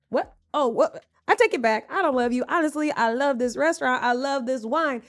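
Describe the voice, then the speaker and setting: A woman with a somewhat high voice hosts a casual storytime commentary. She is blunt and sassy and swears freely. She also slips into sarcastic joking asides. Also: brisk. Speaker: host reacting to a clip.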